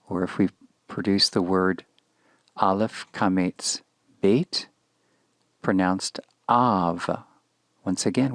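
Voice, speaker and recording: A low, gravelly male voice teaches Hebrew pronunciation. He is slow and deliberate, patiently naming each letter in turn. The sound is dry and close to the mic. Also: dry recording. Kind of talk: slow instructional lesson.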